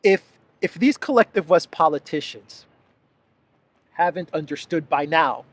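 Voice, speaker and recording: A man's voice: a little high, expressive, measured pace, no echo. A man hosting a solo political commentary show, reading news excerpts aloud and mocking them sarcastically, often restarting his sentences.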